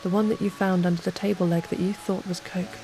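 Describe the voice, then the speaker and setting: A woman narrating a calm bedtime story in the second person, at an unhurried pace. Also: fairly low pitch. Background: soft ambient music.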